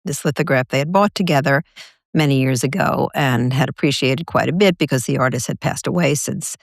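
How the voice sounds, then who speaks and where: A woman's voice: extremely low pitch, fairly quick, vocal fry, dry recording, clean studio sound. A woman therapist recounting a client's story in an earnest, conversational interview. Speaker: therapist guest.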